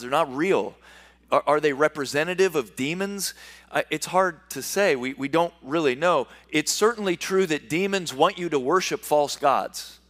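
A man with a fairly high voice preaches a sermon from the pulpit. He reads scripture aloud and explains it in his own words, often stumbling and repeating words as he goes, and leans into sarcasm when quoting mockery. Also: a bit bright. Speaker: pastor.

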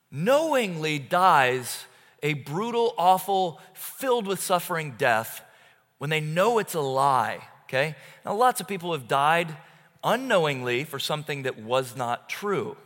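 Emphatic preacher with long hall reverb. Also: male voice, on the high side. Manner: emphatic, conversational preaching with wide swings from loud to hushed. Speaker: pastor. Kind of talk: sermon.

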